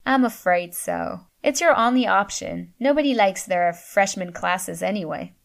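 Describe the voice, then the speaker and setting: A woman's voice: mid-range voice, measured pace, vocal fry. A woman voicing a stern woman college professor with a snappish manner.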